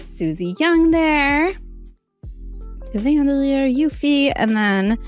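Woman, bubbly vlogger, gushing, brightish pitch, faint music behind. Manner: bubbly, gushing, quick pitch jumps when excited. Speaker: streamer and vlogger. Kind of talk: excited casual storytelling.

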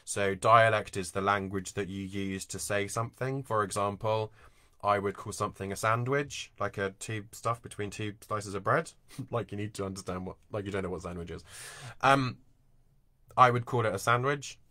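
A voice and accent coach, he gives a relaxed online lesson on voice work, using everyday examples to walk through each point. Though fairly low, his voice comes across bright and forward at a normal speed, recorded close over a video call with no echo.

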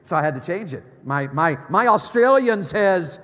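A middle-aged man preaching a sermon as an evangelist, swinging from loud exclamations to hushed low tones. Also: lively intonation, moderate pace. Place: church sanctuary. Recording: long church hall reverb.

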